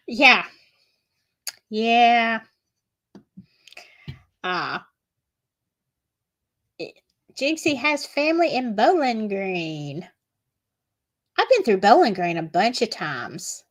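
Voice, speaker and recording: Southern woman streamer, slightly high voice, slow chatty storytelling. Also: sing-song, a bit bright. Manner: chatty, gossipy, reads chat aloud. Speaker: livestream host. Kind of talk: casual livestream chat.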